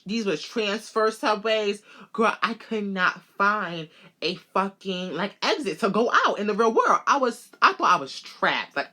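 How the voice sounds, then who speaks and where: A woman vlogger telling a personal story in casual, animated talk, swearing freely and calling her listeners girl. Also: mid-range voice. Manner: animated, profane, addresses listeners as girl and bitch.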